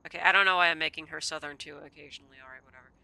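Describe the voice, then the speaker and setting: A woman's voice: deep voice, very fast, gravelly, smooth, no echo, rough recording. A woman streamer reading a story game aloud and joking between passages. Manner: animated, joking commentary between read narration. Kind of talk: reading narration and chatting.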